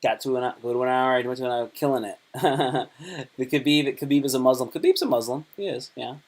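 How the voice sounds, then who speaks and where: This man hosts a livestream and talks loosely in casual chat, packed with slang and side remarks. He reads posts off his screen, rambling and cracking jokes in a brisk, mid-range voice.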